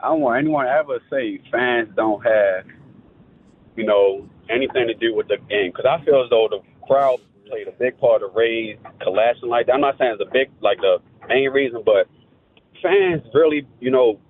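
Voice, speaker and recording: A man in his twenties calling into a sports radio show, talking in a relaxed, plain way. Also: medium pitch, moderate pace. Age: 20s. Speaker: caller. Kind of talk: phone-in call. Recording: tinny phone line.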